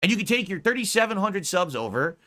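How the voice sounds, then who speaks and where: A man on a live stream, talking in an exasperated, swearing rant with a high voice that leaps all over the place. His tone is bright and sharp. He mimics the people he mocks in quoted asides. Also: sing-song, quick pace. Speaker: streamer host. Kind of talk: heated casual rant.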